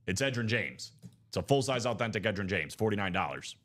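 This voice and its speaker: A man's voice: lowish voice, very animated, fairly bright tone. Male host, live-stream seller, chatty hype, reels off lists. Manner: rapid listing, hyped and chatty. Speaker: live sports card break host. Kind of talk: live-stream sales patter.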